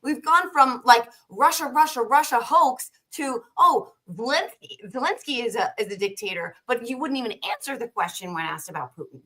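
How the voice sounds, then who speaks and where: Woman co-host, sharp bright tone, exasperated and blunt, casual chat. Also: fairly high pitch, lively intonation, moderate pace, hardly any pauses, rough recording.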